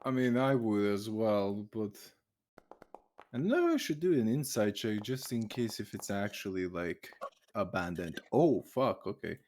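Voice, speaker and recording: A man with a lowish voice speaks haltingly while playing a tabletop game. He talks slowly, and his pitch moves a lot. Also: animated, a little mellow, slight background noise. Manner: hesitant, trailing off. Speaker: player. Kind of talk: casual tabletop play.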